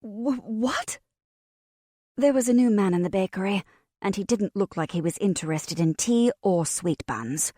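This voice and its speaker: A woman's voice: mid-range voice, normal speed, no room sound, studio quality. Wry woman narrating a cozy fantasy audiobook. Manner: wry, expressive storytelling. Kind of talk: first-person audiobook narration.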